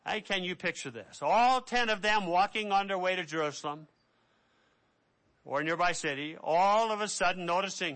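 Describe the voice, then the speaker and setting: A man preaching a sermon, telling the story in an animated way and acting out the people in it. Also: high voice, moderate pace. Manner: animated storytelling with acted-out voices.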